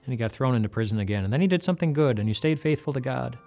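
A man's voice: medium pitch, lively intonation, racing, mellow, faint music behind. A man giving an earnest devotional retelling of a Bible story, often repeating words as he goes.

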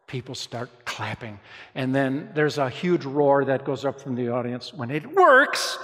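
A male pastor preaching a sermon, telling stories in a lively way and speaking straight to his congregation. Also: mid-range voice. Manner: lively storytelling preacher, addresses the congregation directly. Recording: long reverb of a large hall.

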